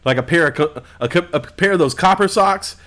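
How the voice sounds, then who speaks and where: A man hosts his own live stream from a home desk setup, talking in a loose, rambling way. He jokes constantly and swears freely, and his voice sits a bit high for a man. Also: fairly quick, a bit bright. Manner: rambling, joking, profane. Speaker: host. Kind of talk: casual live-stream chat. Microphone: headphones and desk mic at home stream.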